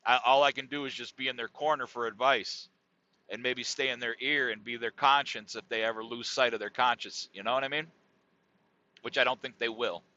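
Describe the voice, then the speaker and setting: A middle-aged man hosts a podcast, delivering a rambling, laid-back, profane comedic monologue. His mid-range voice sounds bright and forceful with fairly even intonation and a fairly quick pace. The recording is dry, dull and lo-fi.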